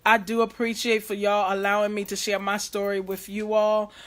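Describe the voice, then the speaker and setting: Hoarse woman giving earnest advice. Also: medium pitch, little pitch movement, normal speed, a bit bright. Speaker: host. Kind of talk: casual livestream talk.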